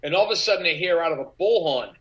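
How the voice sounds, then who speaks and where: A middle-aged man tells stories from his acting work with lively energy, slipping into other people's voices as he goes. His voice is bright and forward, sitting a little high for a man. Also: quick pace, poor audio. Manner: animated, acts out quoted voices. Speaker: actor guest. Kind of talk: anecdotal storytelling.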